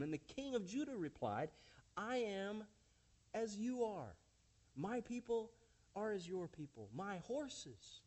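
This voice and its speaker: A man's voice: on the high side, darkish tone. A man preaching a sermon, addressing the congregation as friends and church, pressing them with rhetorical questions and stressing key words. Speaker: pastor.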